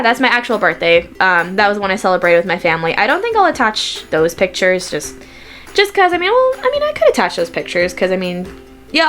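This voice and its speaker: A young woman chats to camera in a casual vlog, telling stories and quoting people with animated little voices. Her voice sits at a middle pitch. Faint music plays underneath. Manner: chatty storytelling, quoting people in lively voices. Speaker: vlogger.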